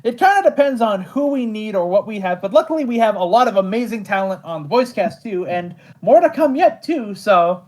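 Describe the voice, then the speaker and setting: A man who creates and voices an animated show, chatting casually in an interview, rambling, laughing often and poking fun at himself. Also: sits high, fairly quick, few pauses.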